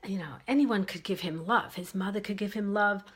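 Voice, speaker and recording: A woman delivers relationship advice in a husky, breathy voice. She speaks emphatically, hammering her key phrases again and again. Her pitch sits in an ordinary middle range. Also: brisk, fairly bright tone. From Brooklyn, New York. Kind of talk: advice monologue.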